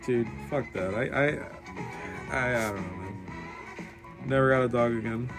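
A man's voice: medium pitch, moderate pace, over music. A young man in casual chat, swearing freely and acting out the people in his stories. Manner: profane, storytelling, acts out quotes. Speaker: podcast co-host. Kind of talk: casual chat while drawing.

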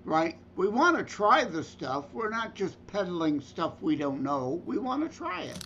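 Slow, bright-voiced joking male co-host. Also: sits high, big pitch swings, dull audio, slight background noise. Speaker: podcast co-host. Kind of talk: casual banter.

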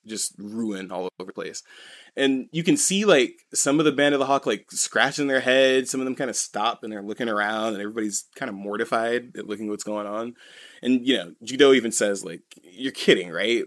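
A man's voice: on the low side, a bit bright. A man co-hosting a podcast, recapping a comic in casual chat, rambling and full of "you know" and "like". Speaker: podcast co-host.

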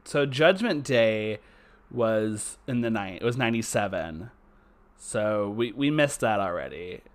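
A man's voice: fairly low pitch, lively intonation, unhurried. A young man chatting casually as co-host of a podcast. He is playful and laughs often, with an easygoing delivery. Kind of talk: casual chat.

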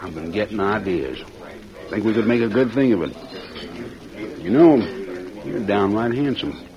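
A man plays a sly, scheming outlaw with a smooth, coaxing way of talking. His voice is very low. It comes through a dull, muffled old radio recording. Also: expressive, moderate pace, crowd noise, close to an everyday voice. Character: scheming scarred male outlaw, sly and persuasive. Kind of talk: 1940s radio acting.

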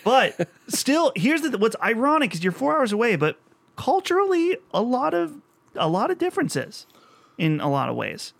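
High-voiced joking podcast host, a man. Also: moderate pace, creaky, no room sound. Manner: lively, jokey, mimics others in a put-on friendly voice. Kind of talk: casual chat.

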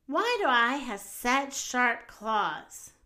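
A woman voicing a small, curious boy bear cub who asks eager, excited questions in a storybook. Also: on the high side, extremely slow, exaggerated voice.

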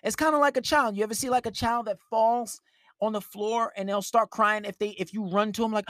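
A man's voice: sits high, fairly even intonation, fairly quick, a bit bright, dry recording, studio quality. A man giving blunt, profane dating advice on a live stream, talking in an emphatic rant.

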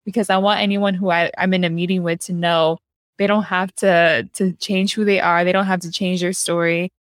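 A woman's voice: fairly low pitch, level tone, normal speed, no echo, clean studio sound. A woman hosting a podcast who talks in a casual, reflective way and calls her guest "girl.". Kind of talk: casual conversational chat.

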